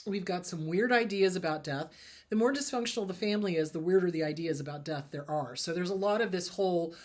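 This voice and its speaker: A woman's voice: on the low side, fast, a little mellow. A woman hosting a casual advice talk as a therapist, answering viewer questions in a blunt, emphatic way and repeating her advice firmly. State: slightly choked up, clearing throat.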